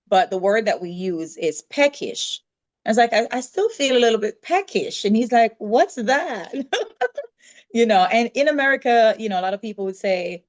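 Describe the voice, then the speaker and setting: A Jamaican woman telling stories as a guest in an interview, lively and acting out what people said. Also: mid-range voice. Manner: lively storytelling, acts out quoted dialogue. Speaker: podcast guest. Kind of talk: casual interview chat.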